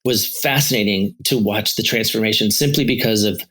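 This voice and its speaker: A man's voice: fairly low pitch, brisk, fairly bright tone, slightly rough, poor audio. A man who is a therapist and podcast co-host, telling stories in a casual, rambling way, with lots of restarts. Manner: storytelling, many restarts and fillers.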